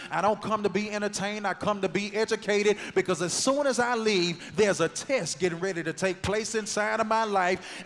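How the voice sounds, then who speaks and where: A male preacher delivers a sermon in a fairly high voice, with a rhythmic call-and-response delivery. He moves from low, conversational stretches to loud shouted declarations. The sound carries a long church reverb. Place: large church sanctuary.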